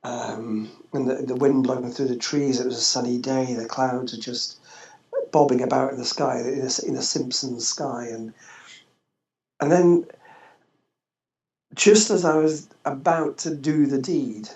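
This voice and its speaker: A man, a former social worker, telling a personal story in an interview, halting and restarting often. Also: medium pitch, fairly even intonation, a little mellow. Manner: halting, with frequent restarts and fillers. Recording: echoey, slightly dull podcast audio.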